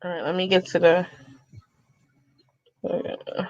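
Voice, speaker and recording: Woman, thirties, sassy vlog storyteller, slow and bright, dry dull-sounding mic. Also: lowish voice, no echo. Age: 30s. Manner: sassy, animated, laughs often. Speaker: vlogger. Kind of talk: casual storytelling to viewers.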